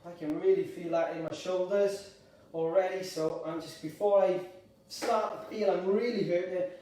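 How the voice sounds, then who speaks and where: A man coaches a gentle workout class with upbeat, encouraging energy, a little out of breath. His voice is fairly high and mellow. He sounds set back from the mic in a strongly echoing room. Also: steady tone, normal speed, recorded from a distance. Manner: upbeat, encouraging, calls out participants by name. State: slightly out of breath. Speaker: exercise instructor. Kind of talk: live online exercise class. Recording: echoey room, voice away from the mic.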